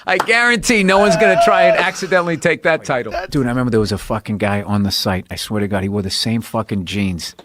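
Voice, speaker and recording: A man's voice: mid-range voice, quick pace, few pauses, fairly bright tone, a little hiss or hum. A man chatting casually on a podcast, telling swear-filled stories and laughing often. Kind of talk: casual chat.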